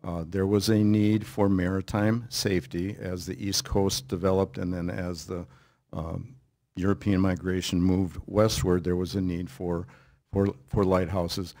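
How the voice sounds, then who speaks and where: An older man, an author and lecturer, answering audience questions in a halting, explanatory way with many restarts. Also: deep voice, little pitch movement, darkish tone. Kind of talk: casual Q&A talk.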